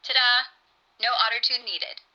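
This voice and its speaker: A woman's voice: a little high, level tone, unhurried, sharp tone, muffled recording. A woman voicing a witty AI chatbot. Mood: playful. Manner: playful, quippy, sings rhymes and beeps. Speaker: AI assistant.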